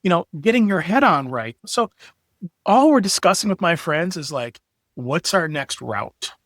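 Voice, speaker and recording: A middle-aged man telling stories in casual chat, his voice pitched high and full of swearing and acted-out quotes. The recording is close and dry, with no room sound around him. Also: measured pace, dry recording. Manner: animated storyteller, profane, acts out quotes. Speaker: podcast guest, graphic designer.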